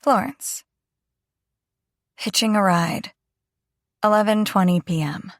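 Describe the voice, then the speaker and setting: Woman, audiobook narrator, slow, gravelly, dry close sound. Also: mid-range voice, dry recording. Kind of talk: first-person audiobook narration.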